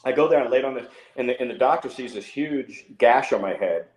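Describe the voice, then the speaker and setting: A middle-aged man telling stories on a podcast in a loose, swearing way, acting out what others said. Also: fast. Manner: animated, swears freely, acts out quotes in a higher voice. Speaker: podcast guest. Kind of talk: casual storytelling. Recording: roomy echo.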